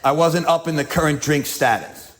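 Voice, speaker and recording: A man's voice: a little high, moderate pace. A man with a New York accent telling his story as a speaker at a recovery meeting, acting out scenes with self-mocking humor.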